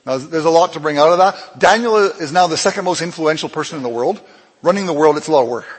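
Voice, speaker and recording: Husky-voiced man preaching in a hall. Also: fast talker. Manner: animated storytelling, acts out dialogue with swings in pitch and loudness. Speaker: pastor. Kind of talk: sermon. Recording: long hall reverb.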